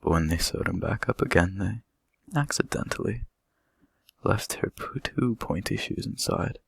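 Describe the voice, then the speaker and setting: A man reads a children's bedtime story in a deep voice with heavy vocal fry. His tone is husky and breathy, and the recording is dry and close to the mic. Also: animated, a little slow, no room sound.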